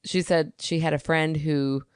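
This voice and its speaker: A woman's voice: sits low, fairly even intonation, unhurried, smooth, dry recording, clean studio sound. A woman co-hosting a podcast, chatting frankly with a wry, easy humor. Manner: frank and wry, laughs along. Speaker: podcast co-host. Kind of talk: casual chat.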